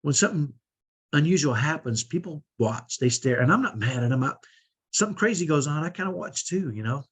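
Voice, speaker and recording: A man with a slightly rough, somewhat high voice talks fairly quickly and with animation. He's coaching parents through a personal story, earnest and conversational, restarting often. His shoulder is sore, and the talk mixes teaching with his own stories.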